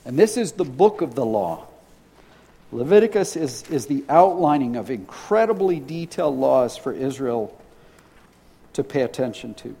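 A man's voice: mid-range voice, sing-song, moderate pace, vocal fry, warm tone, slightly rough. A middle-aged man preaching a sermon as pastor, earnest, reading scripture aloud and often repeating words as he goes.

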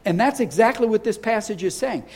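A man's voice: high voice, lively intonation, fairly quick, a little mellow. A middle-aged man preaching a sermon as pastor, earnest, reading scripture aloud and often repeating words as he goes.

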